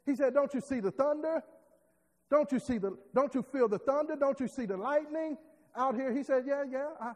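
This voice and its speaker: High-voiced preacher man in a reverberant hall. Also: a little fast. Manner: rhythmic preaching, rising to shouts. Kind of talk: sermon.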